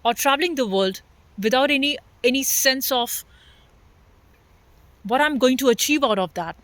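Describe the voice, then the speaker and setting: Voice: high-pitched, normal speed, fairly bright tone, no room sound. A spiritual vlogger speaking in an earnest, unscripted monologue that builds its points through repeated phrases.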